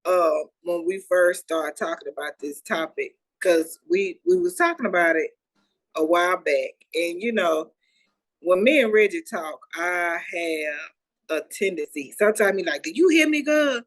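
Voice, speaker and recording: A woman's voice: on the low side, expressive, measured pace. A woman co-hosting a podcast, telling a story in loose, conversational vernacular. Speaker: podcast co-host. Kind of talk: casual chat.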